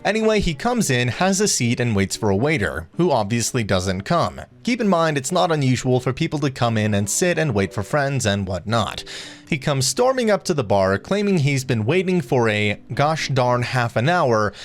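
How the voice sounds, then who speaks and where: A man's voice: medium pitch, big pitch swings, normal speed. A man reading a first-person story as scripted narration. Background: faint music.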